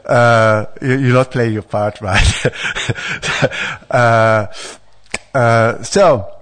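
A man's voice: medium pitch, steady tone, very slow, fairly bright tone. A man leading a scripture class who reads the story aloud and breaks into chatty, stammering asides, with many fillers and playful teasing of his listeners. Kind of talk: scripture reading with commentary.

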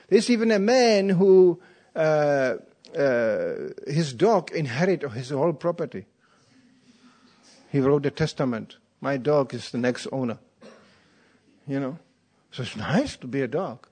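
Male preacher, lively anecdotal delivery with a wide swinging pitch. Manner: playful storytelling, acting out quotes, chuckling. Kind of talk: anecdotal sermon.

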